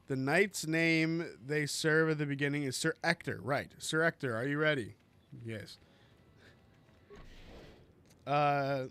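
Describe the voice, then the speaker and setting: A man's voice: on the high side, slow pace, pauses often, sharp tone, clear, resonant tone. A young man playing a video game, reading dialogue choices aloud and joking with a lot of swearing. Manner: profane, joking. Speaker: gamer streamer. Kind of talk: casual gameplay commentary, reading dialogue aloud.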